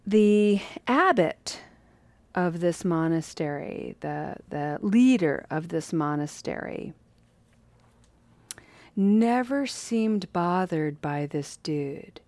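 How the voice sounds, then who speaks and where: A woman telling a story in a casual, lively, playful way with drawn-out phrasing. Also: fairly low pitch, no echo.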